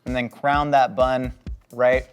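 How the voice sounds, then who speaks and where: Jokey, excitable young man cooking. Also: medium pitch, slow pace, smooth, dull audio, faint music behind. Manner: jokey, excitable, talks to the crew. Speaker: cooking show host. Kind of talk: casual cooking demonstration.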